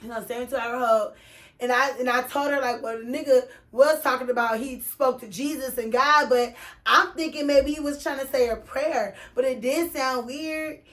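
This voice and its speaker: A woman with a high voice and a Texas accent tells a story in a loose, casual way. Her talk is full of slang and swearing. She slips into the voices of the people she quotes as she goes. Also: normal speed. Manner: animated, profane, slangy, acts out quoted voices. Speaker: vlogger telling a story.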